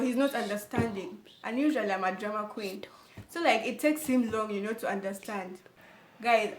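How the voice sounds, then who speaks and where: A young woman tells a personal story for her vlog, animated and expressive, often turning to her viewers. Her voice sits on the higher side. The recording carries a noticeable room echo. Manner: animated storytelling, repeatedly addressing viewers as guys. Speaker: vlogger. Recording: echoey room.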